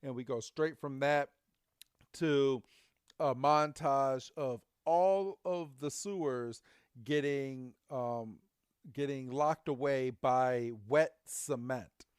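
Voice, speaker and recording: A man's voice: mid-range voice, slow, clear, resonant tone, dry recording, studio quality. A man co-hosting a podcast, casually recapping a cartoon episode and animatedly acting out the characters' lines. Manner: animated retelling with silly quoted voices. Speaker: podcast co-host.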